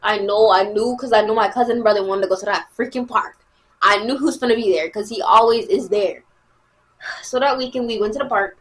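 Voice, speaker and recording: A woman's voice: mid-range voice, a little fast. A teenage girl telling a story in a casual, slangy way, repeating herself and acting out what people said. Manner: animated, slangy, repeats herself, acts out quotes. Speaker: storyteller vlogger.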